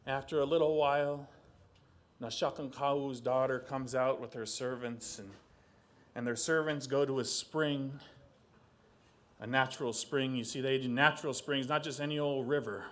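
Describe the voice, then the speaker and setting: A young man from southeast Alaska telling a traditional legend aloud, animated, with spoken sound effects. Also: medium pitch, moderate pace. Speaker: storyteller and artist. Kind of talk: oral storytelling.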